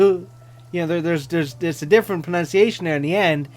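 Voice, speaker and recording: Casting: a man with a fairly high voice, exasperated let's-play commentary. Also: normal speed. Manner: exasperated ranting, mocking voices. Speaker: gaming channel host.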